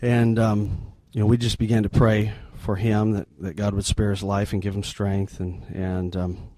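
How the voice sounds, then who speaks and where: A middle-aged man, a missionary guest in an interview, retelling a story in an earnest, halting, sombre way. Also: fairly low pitch, flat delivery, warm tone, no echo.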